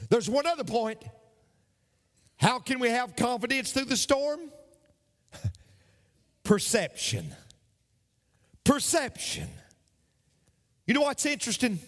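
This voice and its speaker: A man's voice: very high-pitched, sing-song, slow, long pauses, a bit bright, long reverb tail. A man preaching a sermon as a pastor, speaking emphatically and repeating key phrases for weight.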